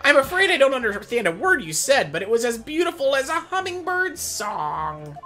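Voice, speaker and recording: A man voicing a pompous, flowery gentleman in a game, with a high theatrical over-polite delivery. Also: sing-song, moderate pace, faint music behind, exaggerated voice. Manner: ornate, fawning delivery.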